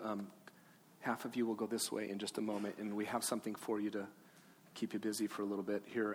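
A man preaching an Easter sermon as pastor, talking gently to children, then earnestly to the congregation. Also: medium pitch, a little hiss or hum. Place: large church sanctuary. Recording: long hall reverb, faint room ambience.

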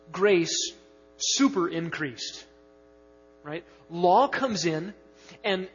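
A man preaching a sermon as pastor, emphatic, stretching key words slowly and rushing through asides. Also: high voice. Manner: emphatic, swings between slow stressed words and quick asides. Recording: dull lo-fi sound with long reverb in a hall.

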